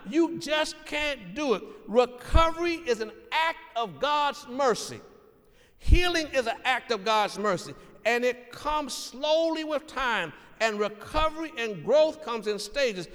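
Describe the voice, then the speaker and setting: A man's voice: extremely high pitch, expressive, measured pace, fairly bright tone, in a large hall. A man preaching a sermon in an earnest, emphatic way, repeating his key lines for weight. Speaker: pastor.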